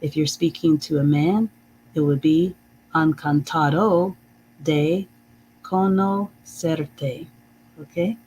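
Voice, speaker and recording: A teacher leading a live-streamed reading lesson, saying phrases slowly and carefully, checking in with "okay?" and chuckling often. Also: medium pitch, steady tone, darkish tone, a little hiss or hum, rough recording. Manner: reads out viewer comments.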